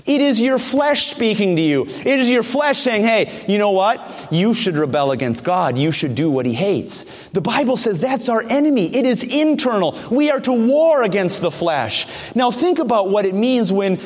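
A man with a high-pitched voice delivers an earnest, emphatic sermon. He acts out quoted voices as he preaches, and his words ring with a long hall reverb.

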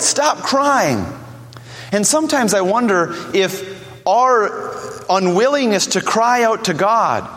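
A man's voice: high-pitched, creaky, fairly bright tone, long reverb tail. A man preaching a sermon, earnest and urgent, acting out the words of people who pray. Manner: earnest, acts out prayers and voices of doubters.

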